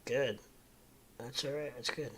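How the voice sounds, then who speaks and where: A man's voice: medium pitch, steady tone, a little slow, a bit bright, a little hiss or hum. A man in his forties from the Midwest, rambling casually at home as host of a livestream and answering chat. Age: 40s.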